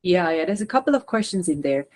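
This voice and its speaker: A woman channeler and coach guiding a spiritual session over a video call, talking in halting, searching phrases. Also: lowish voice, big pitch swings. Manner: halting, searching, relays messages.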